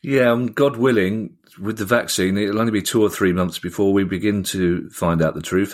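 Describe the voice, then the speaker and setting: Male podcast co-host, low-pitched, playful and jokey in casual chat.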